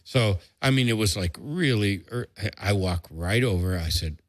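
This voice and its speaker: A man's voice: on the low side, moderate pace, hardly any pauses, no echo, clean studio sound. An older man telling a family story casually, acting out what people said with a jump in his voice and a few curse words. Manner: lively storyteller who acts out quotes in a raised voice and swears freely. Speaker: storyteller guest. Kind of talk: casual anecdote told to a relative.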